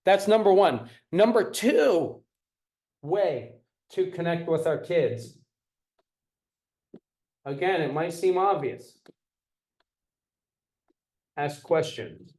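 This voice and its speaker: A man's voice: on the high side, expressive, slow, long pauses, darkish tone. A man teaching a live-streamed parenting class. He repeats his points and keeps checking in with the audience. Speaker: parenting coach.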